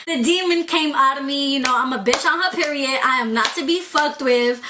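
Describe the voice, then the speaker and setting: A young woman vlogger telling a storytime tale in an animated, profane, chatty way. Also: high-pitched, brisk, hardly any pauses, noisy background. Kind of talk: storytime vlog.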